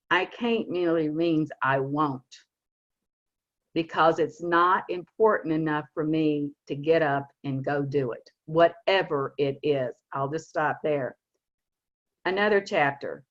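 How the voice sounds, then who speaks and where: A woman in her sixties with a Southern accent, giving an earnest, emphatic motivational talk to her team on a video call. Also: sits low. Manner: earnest, emphatic, stresses key words slowly. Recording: muffled lo-fi video call audio.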